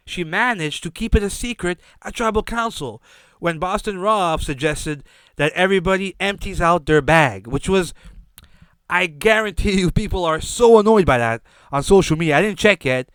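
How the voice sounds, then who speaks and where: A man's voice: high voice, a bit bright, clean tone, no echo. A man hosting a podcast, giving a brash, sarcastic recap monologue and swearing freely. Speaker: podcast host.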